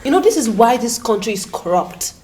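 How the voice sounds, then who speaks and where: A woman's voice: a little high, big pitch swings, a little fast, very noisy. An actress with a Nigerian accent playing a volatile wife who insists she was a first lady, talking in an erratic, insistent way. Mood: indignant. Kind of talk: film drama acting.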